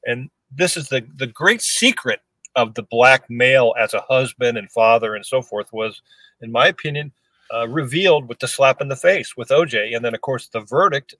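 A man's voice: medium pitch, sharp tone, no echo, rough recording. A man co-hosting a podcast over an online call, talking emphatically with many restarts. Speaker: podcast co-host. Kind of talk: casual chat.

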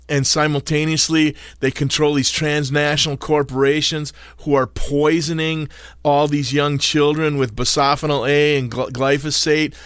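A man calling in to a podcast, asking a long run-on question in a halting way with repeated words. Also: a little high, fairly bright tone, clear, resonant tone, no echo, studio quality. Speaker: caller. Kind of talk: call-in question.

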